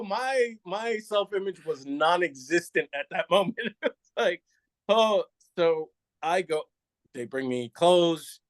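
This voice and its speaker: Middle-aged guy from nyc telling a wild story, laughs a lot, higher voice, dry close sound. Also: takes it slowly, dry recording. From New York City. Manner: animated, laughs often, acts out others' lines. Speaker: retired police officer, guest. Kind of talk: candid storytelling.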